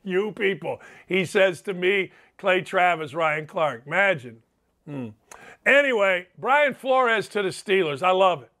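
A man's voice: sits high, animated, measured pace, sharp tone. A middle-aged man hosting a sports talk show, delivering a profane, sarcastic rant. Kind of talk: opinionated podcast monologue.

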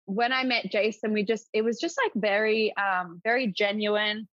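A woman's voice: medium pitch, fairly even intonation, normal speed, a bit bright, no room sound. A young adult woman, a podcast guest, talking openly and chattily with lots of filler words. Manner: chatty, open, full of filler likes. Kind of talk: casual chat. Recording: dull, dry lo-fi audio.

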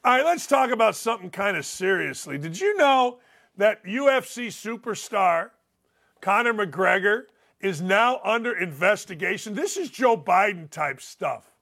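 A man's voice: very high-pitched, fairly bright tone. A man hosting a sports talk show, delivering a combative, opinionated monologue that repeats points for emphasis. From United States.

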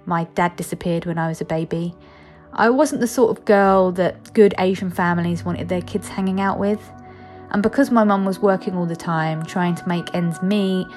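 A woman's voice: lowish voice, a little mellow. A woman, reading her own personal essay in a candid, wry, conversational way. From East London, England.

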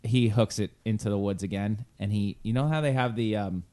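A man's voice: lowish voice, a little fast, dark tone. A man in casual chat, telling a rambling story and checking in with the listener.

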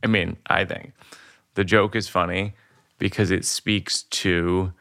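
A man's voice: low voice, steady tone, takes it slowly, creaky, pushed and bright. A man hosting a podcast, chatting in a reflective way and thinking aloud about jokes. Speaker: podcast host. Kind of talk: casual podcast conversation.

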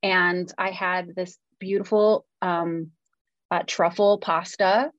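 A woman's voice: fairly low pitch, steady tone, takes it slowly, no echo, dull audio. A woman from California co-hosting a screenwriting podcast in casual chat, jet-lagged, talking with lots of fillers and laughs. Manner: chatty, self-deprecating, lots of fillers and laughs. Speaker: podcast co-host.

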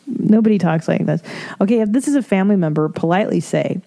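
A woman's voice: lowish voice, lively intonation, moderate pace, creaky, dark tone. A woman hosting a solo podcast, reading from an article and adding blunt, profane, laughing asides. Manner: reads from an article and comments. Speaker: podcast host. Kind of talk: casual solo podcast monologue.

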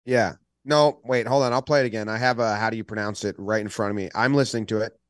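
A man's voice: on the low side, fairly even intonation, quick pace, no echo, studio quality. A man co-hosting a casual sports podcast, joking around and putting on mock accents. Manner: jokey, mock accents for laughs. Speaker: podcast co-host.

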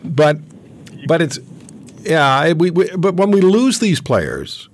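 A man in his seventies, hosting an interview and telling stories in a chatty, animated way. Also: fairly high pitch, slow pace, a little hiss or hum. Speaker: host. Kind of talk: casual interview chat.

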